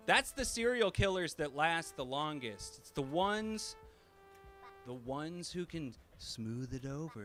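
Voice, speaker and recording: Bright-voiced ranting man doing stand-up. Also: on the high side, animated, slow, faint music behind. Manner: profane, ranting, incredulous. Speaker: stand-up comedian. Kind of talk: stand-up comedy routine.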